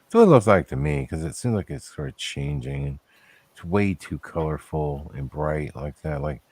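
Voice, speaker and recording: Deep-voiced man in rambling chat. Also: moderate pace, darkish tone, breathy edge, no echo. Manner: rambling, opinionated, heated at times. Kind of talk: casual chat.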